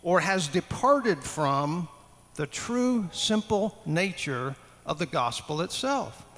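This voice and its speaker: A man's voice: fairly high pitch, lively intonation, slow pace, a bit bright. A man preaching a sermon to a congregation in a conversational way, often putting questions to his listeners. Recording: long hall reverb.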